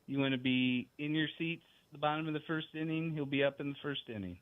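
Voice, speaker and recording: A man calling in as a team broadcaster, chatting in a relaxed way with frequent restarts. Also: on the high side, fast talker. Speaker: team play-by-play broadcaster, guest. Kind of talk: casual radio chat. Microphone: phone call-in. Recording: tinny phone line.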